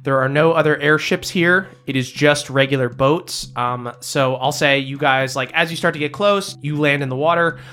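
A man's voice: a little high, normal speed, few pauses, bright, forceful tone. A man narrating a comedic tabletop game as game master, loose and playful, often laughing. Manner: laughing, loose and playful, breaks into silly voices.

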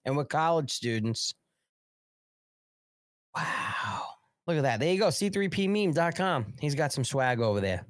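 An American man hosts a live stream of casual commentary, reading news aloud and breaking off to chat with and thank viewers, rambling and swearing as he goes. His voice is a little high and sing-song, unhurried, with long pauses. The recording is dry and studio quality.

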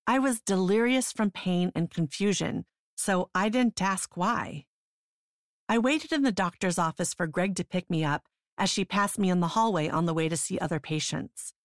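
Female memoir narrator, sober and measured, low register, dry booth sound. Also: dry recording. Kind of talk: first-person memoir narration.

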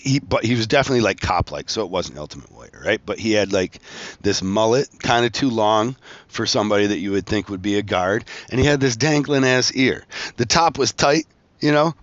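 A man's voice: mid-range voice, a bit bright, no echo, muffled recording. Profane, rambling man telling stories. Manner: profane, rambling, laughs often. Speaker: podcast host, tattoo artist. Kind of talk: casual storytelling monologue.

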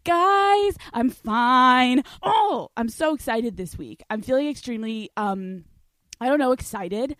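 A woman's voice: a little high, lively intonation, measured pace, a bit bright, no room sound. A woman hosting a frank podcast about sex in a casual, joking way, blunt and swearing often. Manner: blunt, heavily profane, joking. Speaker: podcast host.

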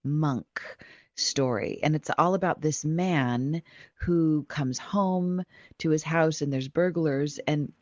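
Casting: low, dry-sounding woman host, reflective storyteller, slightly dull audio. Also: slow, no echo. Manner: reflective, storytelling, animated quoting. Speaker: podcast co-host interpreting dreams. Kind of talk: casual chat.

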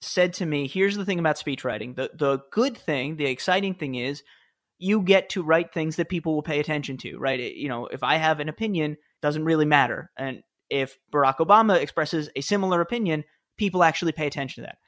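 A man in his thirties, a guest author and former speechwriter, telling anecdotes in an animated, self-deprecating way with quick restarts. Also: fairly high pitch. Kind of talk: conversational interview storytelling.

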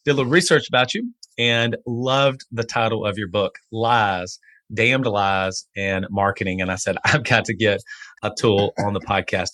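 Low-voiced American man hosting a podcast. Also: a bit bright, no echo. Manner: conversational, reads ad copy briskly. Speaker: podcast host. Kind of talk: podcast interview.

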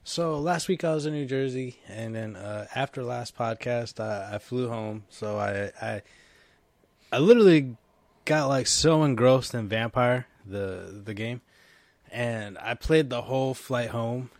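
A man's voice: mid-range voice, unhurried, darkish tone, no room sound. A man co-hosting a podcast, joking and animatedly recounting playing a game on a flight. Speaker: podcast co-host. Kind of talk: casual gaming chat.

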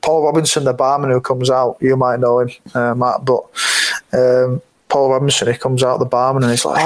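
A man's voice: mid-range voice, little pitch movement, normal speed, poor audio. A man, a guest telling rambling anecdotes with many fillers and frequent laughter. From England. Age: 20s. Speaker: guest rugby player.

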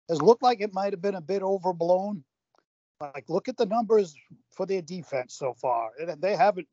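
A man with a slightly higher voice talks sports in a relaxed, casual way, pressing his case with rhetorical questions and repeated phrases. The sound is dry and a bit dull, like lo-fi podcast audio. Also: dry recording. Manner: emphatic, piles up rhetorical questions. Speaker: podcast co-host.

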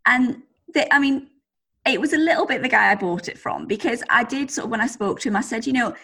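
A woman co-hosting a podcast, telling a story in casual, animated chat with plenty of swearing. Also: a little high, fairly quick, gravelly, husky. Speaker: podcast co-host.

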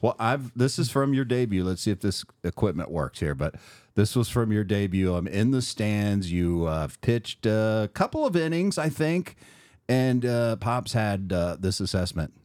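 Lively low-voiced male podcast host. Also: normal speed, no echo. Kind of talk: casual interview chat.

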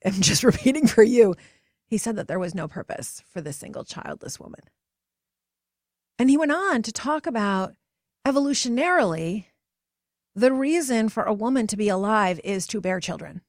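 A pregnant woman in her forties hosting a podcast, telling a personal story in an earnest, emotional way, her voice climbing higher when she gets passionate. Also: animated, normal speed, dry recording, studio quality. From United States. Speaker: podcast host.

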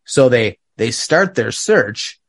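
A man's voice: medium pitch, big pitch swings, takes it slowly, vocal fry. A man hosting a podcast who casually retells film scenes in a rambling way, leaning heavily on "like.". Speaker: podcast host. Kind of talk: casual film discussion chat.

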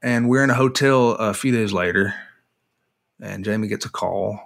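A man, an author and interview guest, telling a personal story in an animated, self-deprecating way, often restarting his sentences. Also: on the low side, moderate pace, gravelly.

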